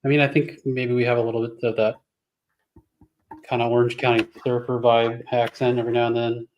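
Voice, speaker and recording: American man, laid-back stream host, mid-pitched, short casual responses. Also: fairly quick, muffled recording, slight background noise. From United States. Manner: relaxed, brief replies. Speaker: livestream host. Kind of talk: casual chat.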